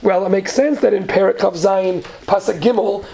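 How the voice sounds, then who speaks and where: A woman's voice: medium pitch, moderate pace, creaky, hardly any pauses, warm tone. A woman teaching a Torah lesson, reading Hebrew verses and explaining them in English. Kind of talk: lecture on Genesis text.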